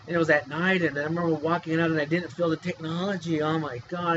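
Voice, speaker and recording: Speaking fast in a highish, steady voice with barely any pauses, a man pours out an emotional vlog monologue to camera, rambling, agitated and pleading, full of fillers and restarts, over dull lo-fi audio with clear hiss.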